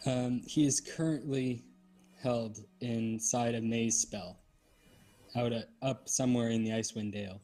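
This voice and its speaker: A playful man playing his character in a tabletop game, halting and filling his speech with ums. Faint music plays behind him. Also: mid-range voice, fairly even intonation, mellow. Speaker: player.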